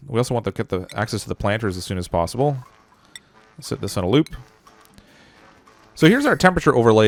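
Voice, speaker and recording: Fast-talking Canadian man streaming a game. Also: fairly low pitch. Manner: chatty, thinking aloud with fillers and restarts, corny jokes. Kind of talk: live gameplay commentary.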